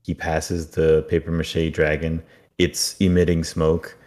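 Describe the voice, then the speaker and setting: A man co-hosting a podcast, recapping an episode in casual, animated chat. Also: a bass voice, unhurried. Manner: animated storytelling, puts on silly voices. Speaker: podcast co-host.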